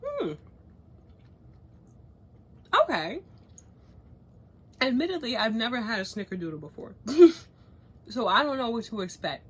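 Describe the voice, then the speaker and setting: A young woman talks straight to her viewers in loose, chatty vlog style. Her voice sits a little high with a breathy, husky edge, and her pitch leaps around animatedly as she swears and laughs her way through it. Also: sing-song, moderate pace. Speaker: vlogger. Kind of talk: casual chat, cookie review and gossip.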